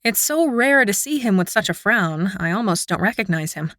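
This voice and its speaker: A woman reading a first-person fantasy audiobook with an expressive, emotional delivery. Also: medium pitch, normal speed, hardly any pauses, dry recording, clean studio sound. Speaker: audiobook narrator.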